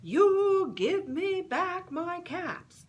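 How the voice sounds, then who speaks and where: An exasperated storybook cap peddler shouting his demands, as a woman storyteller puts him on. The voice sits high and loud, with slow, drawn-out words and a scolding edge. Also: steady tone, muffled recording, exaggerated voice. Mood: angry. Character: frustrated grown man, a cap peddler.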